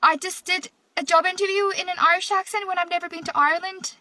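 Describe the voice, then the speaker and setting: Young woman, from Australia, earnest step-by-step account for a social video, high bright voice. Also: fairly even intonation, quick pace, no room sound. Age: 20s. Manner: earnest, recounting events step by step. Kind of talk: social media video monologue.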